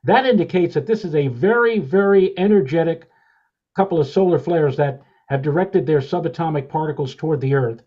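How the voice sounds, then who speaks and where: A man co-hosting a weather podcast, explaining a space image step by step in a measured way. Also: fairly high pitch, dull audio. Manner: measured, explanatory, with many uh fillers. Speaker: podcast co-host, meteorologist.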